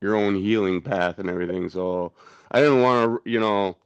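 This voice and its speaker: A man leading a casual group chat, talking gently and supportively. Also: on the low side, moderate pace, clear, resonant tone, no echo. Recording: dull, dry lo-fi audio.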